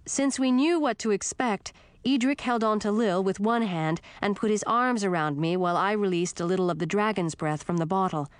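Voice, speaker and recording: A woman reading a first-person fantasy story with steady, expressive narration. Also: medium pitch, normal speed, clear, resonant tone, no echo. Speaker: audiobook narrator.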